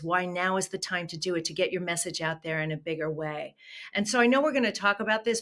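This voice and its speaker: A woman's voice: medium pitch, a bit bright. A woman who works as a reinvention coach, a guest on a podcast telling her story in an earnest, emphatic way. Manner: earnest and emphatic, with shifting pace. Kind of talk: personal storytelling interview.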